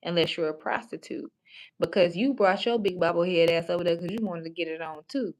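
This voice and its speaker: A woman's voice: on the low side, steady tone, brisk. Blunt, foul-mouthed woman streamer. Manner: blunt, profane and frank; rambling with many restarts. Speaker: livestream host. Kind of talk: casual chat on a livestream.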